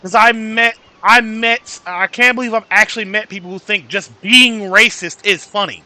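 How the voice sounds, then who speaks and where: A man's voice: sits high, fairly even intonation, moderate pace, sharp tone. A man hosting a casual livestream, ranting and chatting with viewers by name, cursing freely. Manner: swearing freely. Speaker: livestream host.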